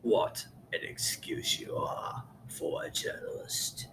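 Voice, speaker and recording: A man doing an impression of a big, deep-voiced male radio host, speaking slowly, quietly and half-whispered. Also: animated, noisy background. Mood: contemptuous. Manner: quiet menacing low delivery, slow and half-whispered.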